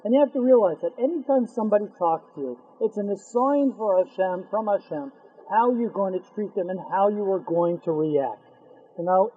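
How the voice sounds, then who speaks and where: A man leads a religious class for men, telling a story with lively jokes and asides. His voice is husky and high for a man, and the audio is thin and tinny, like a phone call. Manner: animated, joking storyteller. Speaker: religious teacher.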